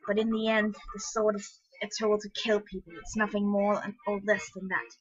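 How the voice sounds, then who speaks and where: A woman's voice: medium pitch, little pitch movement, normal speed, breathy edge, lightly acted. A woman voicing a cruel, bloodthirsty male swordsman in an amateur dramatic reading, sneering and contemptuous. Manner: sneering, contemptuous, stumbles over words. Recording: dull lo-fi with faint music.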